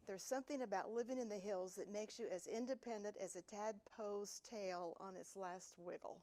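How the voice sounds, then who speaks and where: A woman giving an author talk, reading quotations slowly and in a relaxed way. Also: on the high side, rough recording. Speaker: author and book editor. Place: public talk in a university library.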